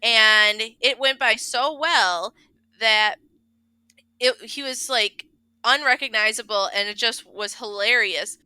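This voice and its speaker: A woman guest on a podcast chats about a film with eager energy, breaking into giggles. Her voice is very bright and crisp, with a slightly high pitch. The sound is dry and close. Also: slow pace, no echo. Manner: enthusiastic, giggly storyteller. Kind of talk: casual movie podcast chat.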